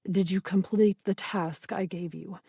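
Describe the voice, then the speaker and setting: Lady putting on a smug vampire guy, low teasing murmur, mellow tone, dry sound. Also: steady tone, measured pace, breathy edge, dry recording. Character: commanding, amused male vampire lord.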